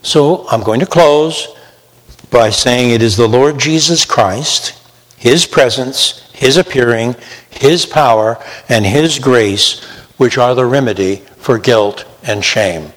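A man delivers a sermon in an emphatic, conversational way, now and then mimicking the excuses of his listeners. His voice sits at an ordinary middle pitch. A long reverb trails each phrase, as in a large hall. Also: slow, fairly bright tone. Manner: emphatic, rising into mocking imitations of sinners. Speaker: preacher.

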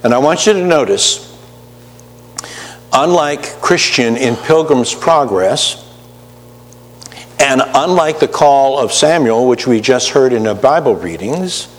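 Male pastor, mid-pitched, conversational sermon, reverberant hall. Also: animated, slow, long pauses. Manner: conversational preaching with asides to the congregation.

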